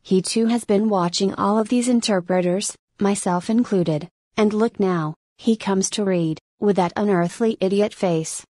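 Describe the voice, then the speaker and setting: A woman's voice: mid-range voice, measured pace, hardly any pauses, mellow, no room sound, lightly acted. A woman reading the part of a jaunty male sailor who rambles wryly to himself in an audiobook. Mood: musing. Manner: wry, rambling soliloquy.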